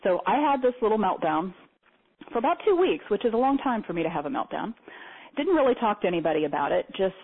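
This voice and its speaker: Woman host at mid pitch, rambling and chatty on a muffled conference line. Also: big pitch swings, fast, slightly rough. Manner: chatty and rambling, many fillers and restarts. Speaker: meeting host. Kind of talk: casual spoken presentation. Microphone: phone or conference line. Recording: tinny phone line.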